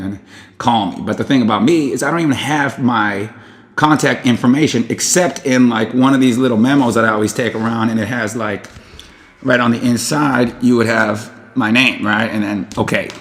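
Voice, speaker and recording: A man telling a long personal story in a casual vlog. He rambles and jumps into high, animated voices when quoting people.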